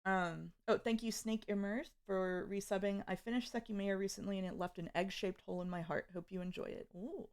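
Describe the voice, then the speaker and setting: A woman streamer chatting casually, recapping slowly with lots of ums and uhs. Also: mid-range voice, fairly even intonation, dry recording, clean studio sound. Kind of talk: casual chat.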